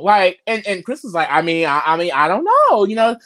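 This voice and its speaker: A woman's voice: fairly low pitch, brisk, fairly bright tone. A woman casually recapping a reality show with a co-host, chatty and slangy. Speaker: podcast co-host.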